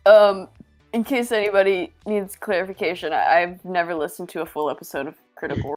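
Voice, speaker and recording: A woman's voice: on the low side, fairly even intonation, brisk, a little mellow, dry recording, faint music behind. A woman co-hosting a casual podcast, teasing sarcastically and giggling often. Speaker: podcast co-host. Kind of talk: casual chat.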